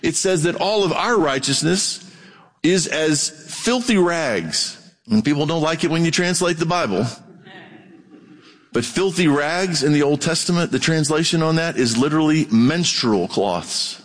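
A middle-aged man preaching a sermon in a folksy, animated way, acting out voices as he goes. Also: a little high, measured pace, big-room sound. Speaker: pastor.

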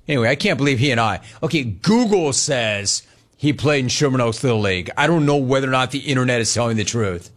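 Sports show host, man in his forties from Los Angeles, lively swooping delivery, casual rambling stories. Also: medium pitch, fast talker. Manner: animated, rambling storytelling, repeats phrases. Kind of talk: casual sports talk with live chat.

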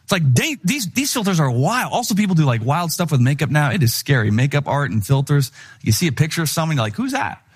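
A middle-aged man preaching a sermon in an animated, conversational way, acting out the people he quotes. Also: a little high, fast talker, slightly rough. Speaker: pastor.

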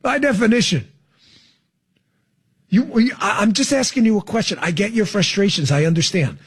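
A man's voice: high voice, normal speed, slightly rough. A man hosting political talk radio, sarcastic and emphatic, mocking what he hears. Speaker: radio talk show host.

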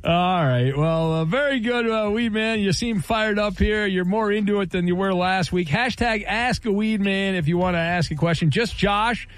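A man hosting a talk radio show, bantering briskly and teasing his callers. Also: sits high.

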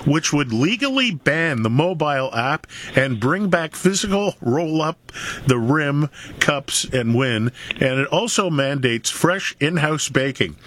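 A man's voice: fairly high pitch, animated, a little slow, a bit bright. A man hosting a talk radio show, reading out questions with frequent chuckles. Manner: reads questions, chuckles between them.

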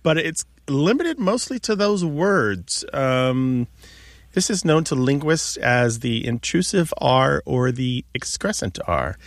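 A man's voice: medium pitch, expressive, takes it slowly, no echo. Man co-hosting a radio show, dry studio sound. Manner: knowledgeable, patient explainer. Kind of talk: casual explanatory radio chat. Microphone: studio microphone.

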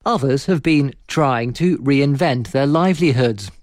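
Measured male news reporter, dry sound. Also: mid-range voice, no echo. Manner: measured, even narration.

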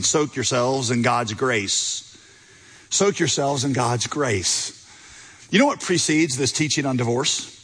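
Husky storytelling preacher man. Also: a bit bright, poor audio. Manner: storytelling preacher, voices quotes with big pitch swings. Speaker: pastor. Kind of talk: sermon.

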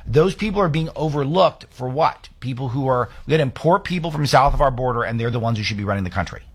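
A man's voice: mid-range voice, expressive, fast, slightly rough. A man hosting a political talk show, delivering commentary with emphatic, sarcastic rhetorical questions.

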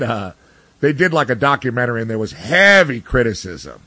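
A man's voice: mid-range voice, sing-song, normal speed, sharp tone, dry recording. Guy ranting about sports, lots of uh and restarts, dry mic. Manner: blunt, ranting, many restarts and fillers. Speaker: sports commentator guest. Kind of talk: casual opinion talk.

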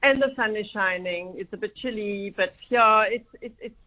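A woman's voice: mid-range voice, normal speed, sharp tone. A woman talking about a festival she helps run, chatty and rambling with many restarts. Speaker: festival organiser guest. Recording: tinny phone line.

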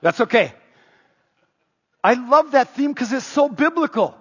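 A man delivers a conversational sermon full of stories and quick restarts. His voice sits high and slightly husky. The sound rings with a long hall echo. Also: expressive, highs cut off. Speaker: preacher. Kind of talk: sermon with personal storytelling.

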